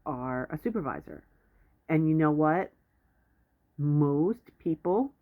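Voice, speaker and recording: A speaker giving blunt, rambling advice in a casual monologue, often stopping mid-sentence to restart. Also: medium pitch. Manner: rambling, self-interrupting, blunt. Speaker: advice vlogger. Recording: tinny phone-like audio.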